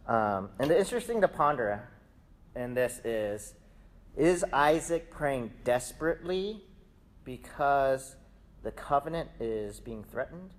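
A man giving a relaxed, conversational Bible teaching, thinking aloud with rhetorical questions and laughing at his own asides. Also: on the low side. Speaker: preacher.

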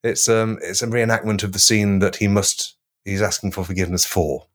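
A man hosting a comedy podcast, telling absurd stories with mock-grandiose deadpan delivery. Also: fairly low pitch, fairly quick. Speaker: podcast co-host. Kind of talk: comic storytelling.

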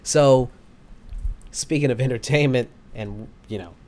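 A man's voice: medium pitch, a little slow, a little mellow. Rambling, easygoing man hosting a podcast. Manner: rambling, hesitant restarts, laughs often. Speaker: podcast host. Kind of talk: casual podcast chat.

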